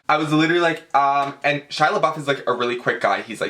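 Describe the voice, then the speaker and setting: Talking fast with few pauses in a mid-range voice, this young man recounts a story for his vlog audience with the breathless drama of an excited fan, addressing them as "girl" and sprinkling "like" everywhere.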